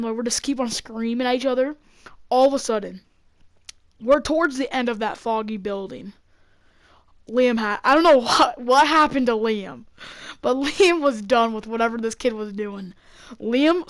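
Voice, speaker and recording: A young woman rambling through a story on her channel, full of fillers and quick laughs. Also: fairly high pitch, dry recording. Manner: rambling, filler-heavy, laughing between lines. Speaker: YouTuber. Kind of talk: casual storytelling.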